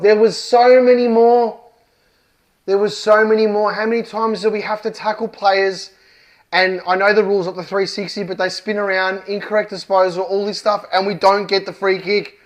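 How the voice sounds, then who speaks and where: A man's voice: high-pitched, a bit bright. An Australian man ranting through a heated football match review, worked up, swearing and hammering his points. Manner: worked up, swears often, punchy and emphatic. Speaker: football fan vlogger.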